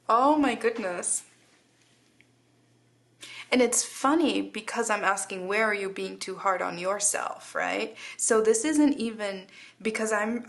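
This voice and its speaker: Young woman, tarot reader; unhurried, chatty, giggly, heavy on fillers. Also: mid-range voice, fairly bright tone. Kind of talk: casual tarot reading.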